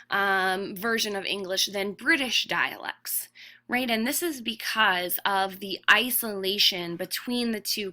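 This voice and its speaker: A woman's voice: medium pitch, sharp tone. A woman teacher giving a recorded lecture, explaining step by step with frequent ums and asking "right?".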